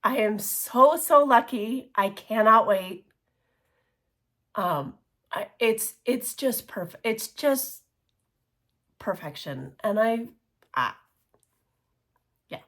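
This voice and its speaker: A woman chatting casually in a show-and-tell craft vlog, gushing and excitable, with many restarts and laughs. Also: on the high side, extremely slow, pauses often. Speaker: cross-stitch vlogger.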